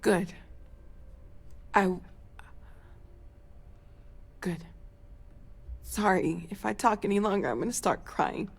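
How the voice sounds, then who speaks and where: An actress voicing a tired young woman crewmate in a video game, halting and apologetic, close to tears. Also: medium pitch, vocal fry. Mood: sad.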